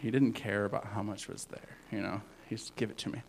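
A man giving an informal sermon as a youth pastor, rambling with many fillers and swinging between loud and hushed. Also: fairly low pitch, steady tone, fairly quick, creaky, slight background noise, rough recording.

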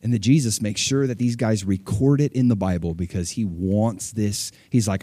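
A man preaching a sermon, retelling scripture in an animated way, swinging between hushed and loud and laughing often. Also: lowish voice, normal speed, few pauses, dry recording. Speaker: pastor.

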